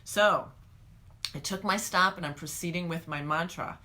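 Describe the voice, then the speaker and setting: A woman teaching a guided meditation, calm and coaching, speaking straight to the viewer. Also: on the low side, normal speed.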